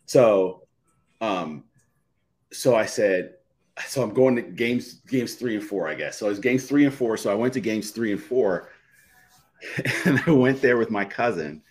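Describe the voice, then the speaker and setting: A middle-aged man from the Philadelphia area, appearing as a podcast guest, tells a personal story in a live chat, repeating and restarting phrases. His voice sits on the low side and moves a little slowly.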